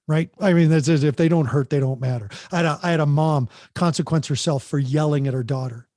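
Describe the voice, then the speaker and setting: Male podcast guest, parent coach, emphatic and plain-spoken, voice a bit high, dry recording. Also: normal speed, hardly any pauses, a little mellow, no echo. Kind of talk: podcast interview advice.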